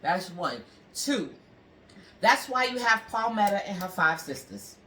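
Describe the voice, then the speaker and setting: Blunt, bright-voiced woman in an echoey room. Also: mid-range voice, expressive, a little slow. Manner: blunt, emphatic, asks for agreement. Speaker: relationship advisor guest. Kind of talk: casual chat. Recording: roomy, distant mic with faint background noise.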